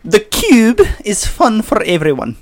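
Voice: medium pitch, wildly swooping pitch, measured pace, dry recording, pitched above the performer's own voice. Host putting on a stern, prim older female professor, raised and lilting, drawn out. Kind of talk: comic impression in a review bit.

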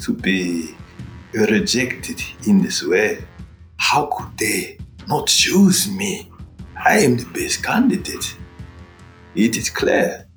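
A man's voice: sits low, a bit bright, exaggerated voice. A man voicing a proud, clever young male tribesman who speaks earnestly and insistently. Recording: roomy echo.

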